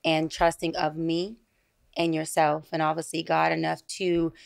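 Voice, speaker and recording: A woman, a psychology expert guest on a studio podcast, speaking in a calm, affirming, measured way. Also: sits low, creaky, dry recording. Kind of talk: podcast interview.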